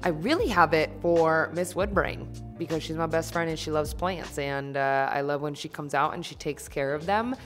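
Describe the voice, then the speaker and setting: A woman with a low voice narrates a DIY vlog in a candid, chatty way, poking fun at herself as she goes. Soft music plays underneath the voice-over. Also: normal speed. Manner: chatty, candid, self-deprecating. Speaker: DIY vlogger.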